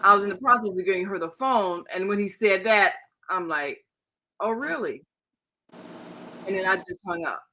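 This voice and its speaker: A woman's voice: medium pitch, fairly quick, hardly any pauses, bright, forceful tone, a little hiss or hum, poor audio. An older woman and co-host, rambling through a family story in casual chat with many restarts.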